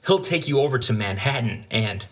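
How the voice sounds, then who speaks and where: A man voicing a cautious older male patriot who speaks in a hushed, conspiratorial way. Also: medium pitch, lively intonation, fairly quick, close to an everyday voice. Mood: serious.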